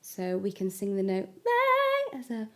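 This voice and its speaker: A woman giving a singing lesson, explaining vowel shapes step by step and demonstrating high notes. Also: wildly swooping pitch, unhurried, a bit bright. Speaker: singing teacher. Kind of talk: vocal lesson with sung examples.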